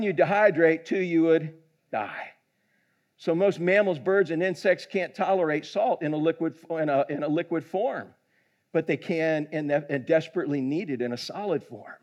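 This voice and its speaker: A man's voice: on the high side, darkish tone. A man preaching a sermon as pastor, telling folksy, humorous stories. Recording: dull lo-fi recording.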